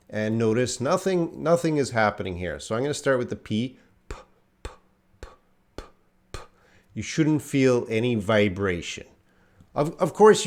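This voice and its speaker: Running an English pronunciation lesson live online, this mid-range-voiced man works through consonant sounds, asks the audience to echo him, and calls out names he sees in the chat.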